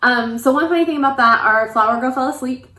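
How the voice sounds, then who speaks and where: Young woman, chatty storyteller, a bit high, echoey room. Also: fast, pushed and bright, a little hiss or hum. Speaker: vlogger recounting wedding day. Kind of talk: casual storytime chat.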